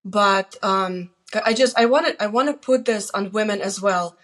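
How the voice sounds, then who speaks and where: As a guest on her daughter's channel, a middle-aged woman chats casually, telling stories and giving plain-spoken, earnest advice. Her voice is medium-pitched, a bit bright, and moderately paced.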